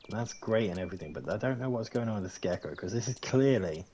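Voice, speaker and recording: A man's voice: fairly low pitch, lively intonation, fast, warm tone, slight background noise. A man around forty giving chatty, joking gameplay commentary while thinking aloud. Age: 40s. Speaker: gaming YouTuber.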